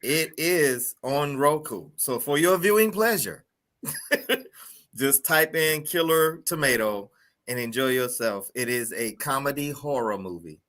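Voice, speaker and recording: A man's voice: medium pitch, expressive, unhurried, a bit bright. A man co-hosting a casual talk show, full of exclamations and laughing reactions.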